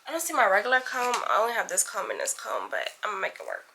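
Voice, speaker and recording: A woman's voice: a little high, huge pitch swings, rapid-fire, creaky, hardly any pauses, background noise. A young woman, chatting casually to her viewers in a vlog as she gets ready indoors, calling them y'all and honey. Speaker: vlogger. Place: indoors at home getting ready.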